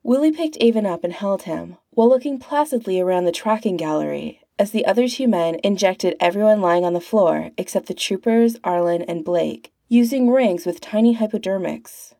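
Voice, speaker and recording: A woman narrates a fan-written story at an even, unhurried clip. Her voice is mellow and soft-edged, and the recording is dry and close, with no room around it. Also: mid-range voice, creaky, no room sound. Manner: reads aloud, putting on character voices. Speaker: fan fiction reader.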